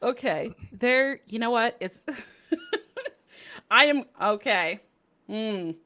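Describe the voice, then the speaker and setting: A woman's voice: on the high side, expressive, drawn-out words, pushed and bright. A woman co-hosting a card game podcast in casual chat, upbeat and chatty with frequent laughs. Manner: upbeat and chatty, laughs often, many fillers. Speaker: podcast co-host.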